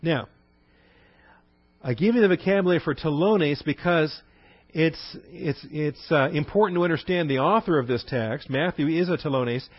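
This Bible teacher, a middle-aged man from Texas, has a fairly high voice with no echo on a dry, somewhat dull recording. He explains Greek words conversationally, full of fillers, often pausing to ask "all right?"

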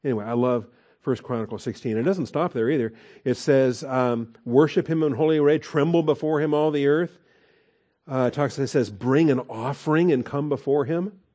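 A man's voice: medium pitch, fairly even intonation, normal speed, dark tone. A male pastor preaching a sermon in a conversational way, with fillers and rhetorical questions.

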